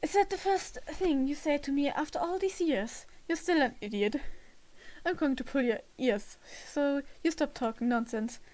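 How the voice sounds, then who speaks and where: A woman reading the lines of a gruff, blunt, teasing scarred man with an eye patch from a game. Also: high-pitched, normal speed, a little mellow, lightly acted. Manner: blunt, rough-spoken, mocking. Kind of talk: reading game dialogue aloud.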